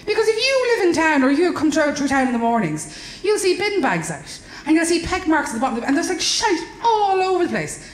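Irish woman, stand-up comic, lively swooping voice, roomy club sound. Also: extremely high pitch, fairly quick. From Ireland. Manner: animated, exaggerated, sweary. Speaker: stand-up comedian. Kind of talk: stand-up comedy. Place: comedy club stage. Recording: roomy live venue.

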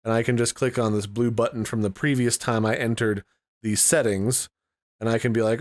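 A man's voice: medium pitch, fairly even intonation, brisk. A man hosting a casual tutorial, explaining in a rambling, conversational way and thinking aloud as he goes. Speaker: tutorial host. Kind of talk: casual screen-recorded tutorial.

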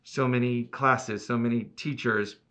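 A middle-aged man from Massachusetts, a theatre producer telling an animated anecdote as a guest, flamboyant and acting out the voices in his story. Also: mid-range voice, measured pace. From Cape Cod, Massachusetts. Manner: flamboyant storyteller, acts out quotes with big swings.

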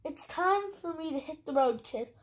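A woman's voice: high voice, animated, moderate pace, slight background noise. A woman voicing a sly, laid-back talking cat in a children's storybook, speaking in a cool, teasing way. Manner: cool, teasing, calls the boy kid.

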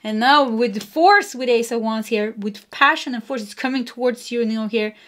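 A woman's voice: fairly high pitch, normal speed, a bit bright. Chatty woman giving a tarot reading. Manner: chatty, laughs often, repeats phrases. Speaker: tarot reader. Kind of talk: casual pick-a-card tarot reading.

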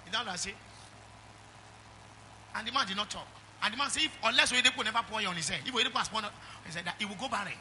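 A middle-aged Nigerian-accented man preaching a sermon in church, calling out to the congregation and swinging from loud exhortation to quiet asides. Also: sits high, rapid-fire, long pauses, a little hiss or hum. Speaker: pastor.

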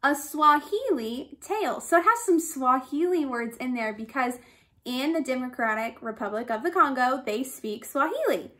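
A woman's voice: high-pitched, expressive, moderate pace, a bit bright. A woman reading a folk tale aloud expressively, adding sound effects. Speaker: storyteller.

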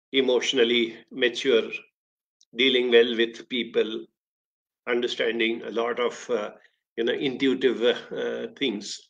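A man with an Indian English accent, speaking at a medium pitch as a career counselor giving a motivational talk. He tells his stories expressively, his voice jumping up in pitch and volume and then dropping back. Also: poor audio. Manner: expressive storytelling with sudden rises in pitch and volume.

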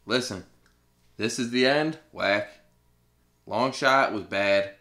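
A man's voice: medium pitch, slow, pushed and bright. A man co-hosting a podcast, trading blunt, profane banter in casual chat. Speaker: podcast co-host. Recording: roomy echo.

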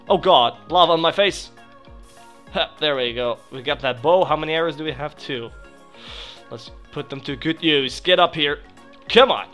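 A young man commentating a video game he is playing, chatting to viewers and yelping loudly whenever something goes wrong. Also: mid-range voice. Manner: excitable, yelps and shrieks when startled. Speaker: gaming channel host. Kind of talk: let's play commentary.

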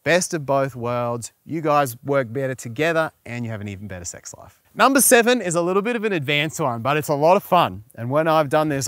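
A man's voice: fairly high pitch, a bit bright, no room sound. A man hosting a relationship advice vlog, frank and coaching, often checking in with the viewer. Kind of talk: direct-to-camera advice vlog.

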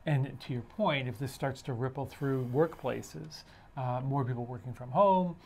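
Male podcast co-host, middle pitch, halting and full of restarts. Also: a little mellow, a little hiss or hum. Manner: halting, many fillers and restarts while building a point. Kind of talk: casual discussion podcast.

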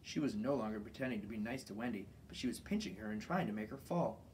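A man reading a children's book aloud in an informal, relaxed way, from his home garage workshop. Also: fairly low pitch, quick pace, recorded from a distance, slight background noise, rough recording. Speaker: children's story reader.

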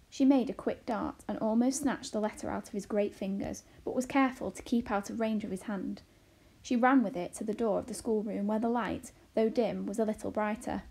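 Breathy woman reading a children's novel. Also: mid-range voice, warm tone. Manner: slow, careful reading with self-corrections. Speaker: teacher reading a novel aloud.

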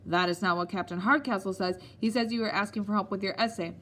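A woman's voice: mid-range voice, quick pace, fairly bright tone, natural voice. A woman voicing a stern elderly male headmaster who speaks in clipped, scornful commands.

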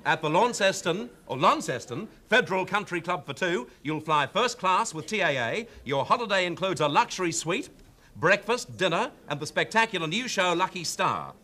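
A man's voice: sits high, big pitch swings, moderate pace, pushed and bright. A man co-hosting a TV game segment, reading prizes and teasing a contestant. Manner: playful, teasing. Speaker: TV co-host. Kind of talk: game show prize announcing. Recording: TV studio with audience.

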